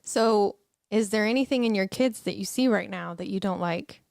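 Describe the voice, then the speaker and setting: A woman in her thirties co-hosts a casual morning show in a plain, conversational voice, often backing her partner up with quick affirming murmurs. Her voice sounds close and dry, with no room echo. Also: mid-range voice, creaky, a little mellow. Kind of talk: casual chat.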